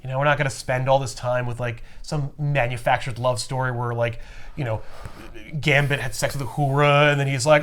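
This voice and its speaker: A man co-hosting a casual comic book chat, animated and often acting out characters in quick bursts. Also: mid-range voice. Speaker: podcast co-host.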